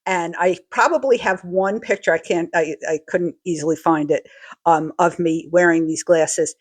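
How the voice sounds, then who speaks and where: A woman's voice: on the low side, normal speed, husky. A woman co-hosting a podcast, chatting casually about a TV episode and telling a personal story. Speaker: podcast co-host. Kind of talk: casual chat recapping a TV episode.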